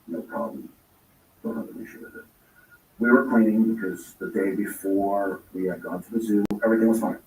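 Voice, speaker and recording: Low-voiced man, distant and echoey. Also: normal speed, darkish tone, a little hiss or hum. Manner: rambling, acts out quoted lines of dialogue. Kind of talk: casual storytelling. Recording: roomy echo, distant from mic.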